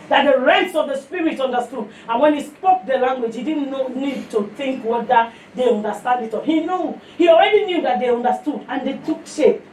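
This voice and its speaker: Nigerian woman preacher with a high voice and lively stories, recorded far off in an echoey room. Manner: animated storytelling with call-and-response. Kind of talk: sermon. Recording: echoey room, far from mic, faint noise.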